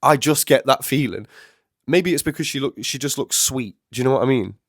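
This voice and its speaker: A man's voice: medium pitch, fairly quick, no echo, studio quality. A man with a blocked nose, getting over the flu, giving rambling casual commentary while reacting to a music video. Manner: chatty, rambling, self-correcting.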